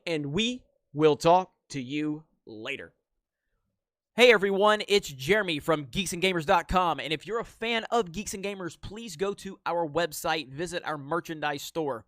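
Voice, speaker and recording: A man's voice: sits high, fairly bright tone, no echo. Dry, close-miked sarcastic man ranting. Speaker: commentary channel host. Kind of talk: opinionated video commentary.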